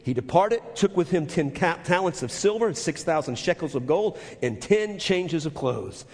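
Male pastor, high and husky, emphatic repeating sermon style, long reverb of a big sanctuary. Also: animated, moderate pace. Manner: retells scripture with emphatic repetition, dropping to soft intensity. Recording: long reverb of a large hall.

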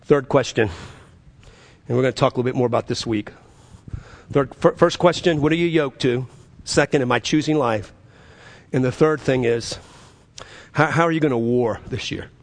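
A male pastor preaches at a moderate pace, pausing often. He alternates between loud, emphatic peaks and quiet, low stresses, frequently repeating words as his argument builds.

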